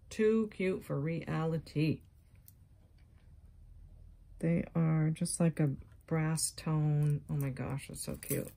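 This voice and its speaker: A woman's voice: deep voice, a little slow, creaky. A woman vlogger with a scratchy voice, chatting casually and gushing as she shows off thrifted jewelry, sometimes dropping to a near-whisper. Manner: gushing, excited exclamations. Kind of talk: casual show-and-tell chat.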